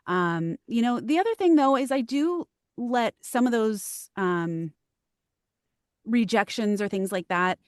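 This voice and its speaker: A woman's voice: a little high, a little slow, dry recording, clean studio sound. A woman with a Texan accent, a voice actor talking earnestly and hesitantly in a casual podcast interview. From Texas. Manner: earnest, lively, hesitant with frequent ums. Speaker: voice actor guest.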